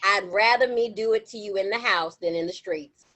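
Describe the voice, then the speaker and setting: A young adult woman co-hosting a podcast, telling stories in a casual, animated way with slangy, emphatic repetition. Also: mid-range voice, moderate pace, low-quality recording. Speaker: podcast co-host. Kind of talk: casual chat.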